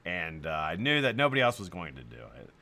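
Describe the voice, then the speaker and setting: A man's voice: low-pitched, quick pace. A middle-aged man hosting a live stream, telling stories casually to his chat, swearing freely and laughing often. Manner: animated, profane, laughs often.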